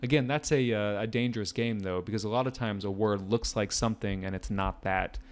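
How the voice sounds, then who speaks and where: An American man teaching a casual vocabulary lesson as a test prep tutor, chatty and relaxed with jokey asides. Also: lowish voice, a little fast.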